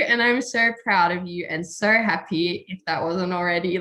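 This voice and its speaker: A woman's voice: lowish voice, fairly even intonation, normal speed, hardly any pauses, bright, forceful tone. A woman hosting a podcast, chatting casually and effusively, often laughing and emotional. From Australia. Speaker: podcast host. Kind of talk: casual chat.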